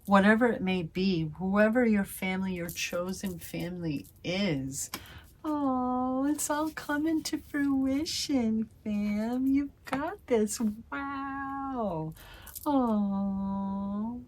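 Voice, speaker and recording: A woman's voice: on the high side, extremely slow, a little hiss or hum. A woman giving a casual tarot reading to her viewers, gushing and effusive, calling them fam and swearing playfully. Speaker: tarot reader.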